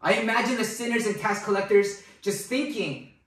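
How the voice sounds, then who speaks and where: A man preaching a sermon in an animated way, often adding "right?" to his points. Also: sits high, normal speed. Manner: animated, acts out quoted voices with many "right?" tags. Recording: echoey hall, voice from far off.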